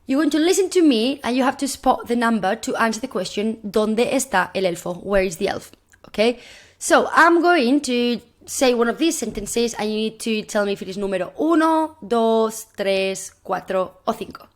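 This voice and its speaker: A woman teaching a recorded classroom lesson, encouraging her pupils and repeating phrases slowly so they can echo them. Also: fairly high pitch, expressive. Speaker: primary Spanish teacher.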